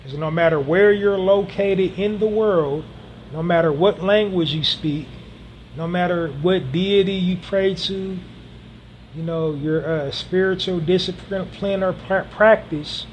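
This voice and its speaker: A man's voice: high voice, a little slow, lo-fi sound, a little hiss or hum. A man hosting a solo podcast monologue, speaking earnestly and repeating phrases for emphasis, with frequent ums. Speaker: podcast host.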